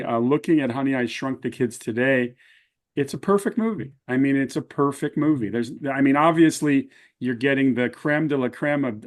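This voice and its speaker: A man hosting an interview, chatting and reminiscing about films in a relaxed conversational way. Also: medium pitch. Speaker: interview host.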